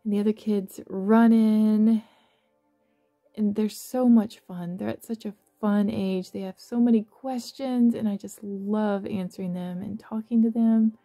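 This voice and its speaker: A woman with a mellow, slightly gravelly voice narrates a guided visualization. She talks softly and tenderly, with small gentle laughs, over faint background music. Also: medium pitch, steady tone. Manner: soft, slow and affectionate, with gentle laughs. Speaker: meditation guide.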